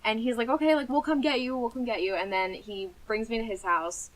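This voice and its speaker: A woman's voice: a little high, steady tone, brisk, low-quality recording. A woman, telling a story on a casual podcast and acting out the voices she quotes. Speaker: podcast co-host. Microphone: podcast mic.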